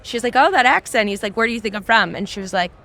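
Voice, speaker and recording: Bright-voiced woman co-hosting a podcast. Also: medium pitch, fairly even intonation, rapid-fire. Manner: chatty, lots of likes and ums. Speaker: podcast co-host. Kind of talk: casual live chat. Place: conference hall floor.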